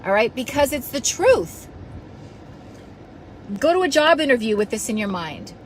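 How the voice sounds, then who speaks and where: A woman's voice: sits high, big pitch swings, normal speed, slight background noise, low-quality recording. Passionate, blunt woman coach. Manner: passionate, blunt, scolding, swears casually. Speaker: self-help coach. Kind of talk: motivational talk to followers.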